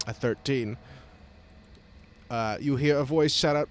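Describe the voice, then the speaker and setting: A man running a tabletop game as game master, relaxed and quick to laugh. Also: mid-range voice.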